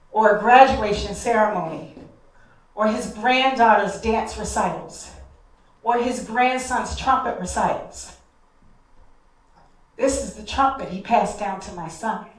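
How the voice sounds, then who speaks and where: A woman's voice: mid-range voice, animated, measured pace, pauses often. Heartfelt woman storyteller in an echoey hall. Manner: heartfelt, addresses the audience directly. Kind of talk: live personal storytelling. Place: stage in a hall. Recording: echoey hall, distant mic.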